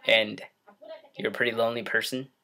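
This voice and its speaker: A man's voice: on the low side, flat delivery, fairly quick, creaky, pushed and bright. A young man talking to his computer in his bedroom, rambling and laughing as he tells a story on his vlog. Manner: rambling, self-interrupting, laughs often. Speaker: vlogger. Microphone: computer mic.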